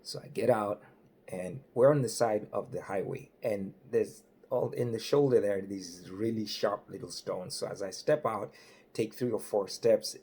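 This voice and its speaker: A man's voice: lowish voice, dark tone, a little hiss or hum. A man from Malawi, a comedian telling a story on stage and acting out the voices. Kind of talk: stand-up storytelling.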